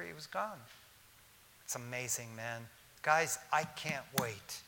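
A man's voice: a little high, pushed and bright. Man preaching in a reverberant sanctuary. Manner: casual, storytelling preacher with slangy asides. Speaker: pastor. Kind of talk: sermon. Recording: hall reverb.

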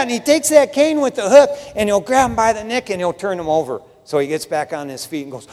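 A male pastor preaching a sermon in a casual, animated way, calling his listeners "man", with sudden shouts and laughs. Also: high-pitched, moderate pace, big-room sound.

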